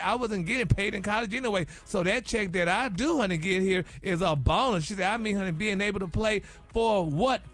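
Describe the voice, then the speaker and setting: A man's voice: high voice, a bit bright. A man delivering celebrity gossip on morning radio in a sassy, chatty way, tossing in "honey" and "y'all" all the time.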